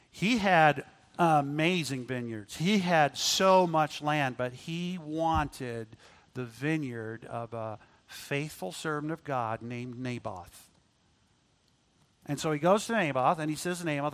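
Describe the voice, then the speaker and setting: A man preaching a sermon, moving between loud emphatic lines and quiet asides. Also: fairly high pitch, measured pace.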